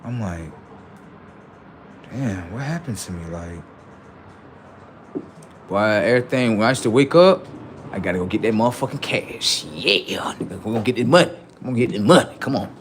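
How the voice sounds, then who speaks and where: A man hosting a livestream, telling casual stories to his viewers in an animated way, swearing freely and acting out voices. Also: fairly low pitch, fairly quick, slight background noise. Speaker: livestream host.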